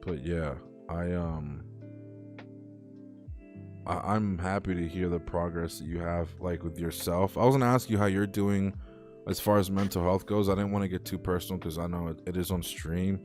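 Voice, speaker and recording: A young man with a fairly low voice hosts a laid-back stream, rambling warmly and cursing often. Faint music plays softly behind him. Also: fairly even intonation, moderate pace. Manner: heartfelt, swears freely, rambling. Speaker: talk show host. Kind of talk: casual livestream chat.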